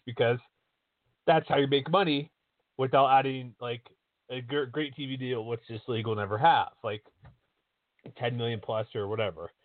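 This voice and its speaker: A man's voice: medium pitch, no room sound. A man hosting a sports podcast in casual chat, rambling with frequent restarts. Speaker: podcast host. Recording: dry, tinny phone-like line.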